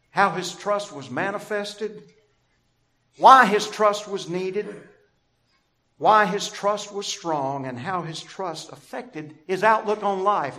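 A man preaching a sermon as pastor, deliberate and emphatic, stressing key words through repetition. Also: a little high, bright, forceful tone.

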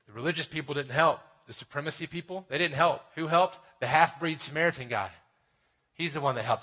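A man preaching a sermon in a conversational way, often asking "right?" and dropping to a hushed tone for serious points. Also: mid-range voice. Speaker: pastor.

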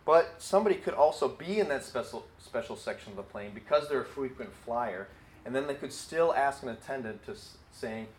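A man teaching a sermon in a relaxed, conversational way, full of fillers like "like" and "you know". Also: medium pitch, a little fast, slight background noise, low-quality recording. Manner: conversational, with many fillers and acted quotes. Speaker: Bible teacher.

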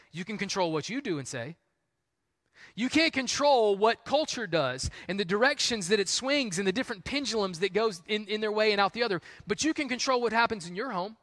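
A man's voice: sits high, a bit bright, no echo. A man preaching a sermon in a casual, conversational way, peppered with "like" and "man". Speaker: pastor.

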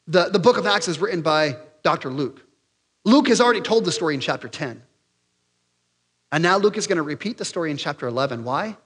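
A man with a high, bright voice preaches an animated sermon. He gets excited enough to lose his place in his notes and acts out quoted characters. His voice rings out in a long church reverb. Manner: animated, acts out quoted voices, raises pitch and volume for emphasis. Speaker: pastor.

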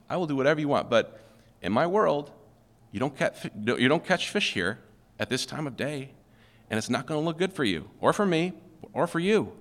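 A man voicing Peter, a weary adult fisherman who talks frankly and earnestly, his voice lifting high as he pleads, in a reverberant hall. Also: vocal fry, fairly bright tone, exaggerated voice.

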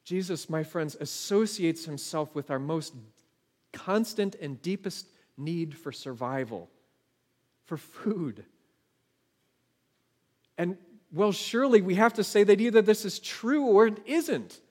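High-voiced pastor in a reverberant hall. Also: male voice, lively intonation, takes it slowly, a little mellow. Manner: earnest, asks the listeners questions. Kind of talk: sermon. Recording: long reverb of a large hall.

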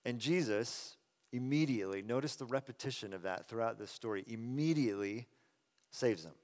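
Middle-aged male pastor, conversational sermon, mid pitch, reverberant church hall. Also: animated, normal speed. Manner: conversational and earnest, swelling loud then dropping soft. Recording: long reverb of a large hall.

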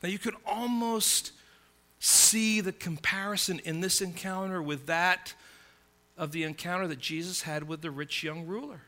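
A man preaching a sermon in a dramatic way, asking the listeners questions and swinging from loud cries to hushed, low passages. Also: normal speed.

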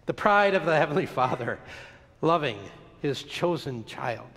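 Male pastor, slightly high voice, very animated storytelling sermon, long hall reverb. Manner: expressive, dramatic storytelling with slow emphatic pauses.

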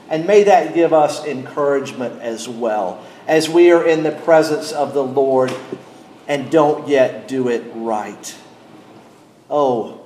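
A middle-aged man preaching a sermon as pastor, speaking deliberately and asking his congregation questions. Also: fairly high pitch, a little mellow, reverberant, a little hiss or hum.

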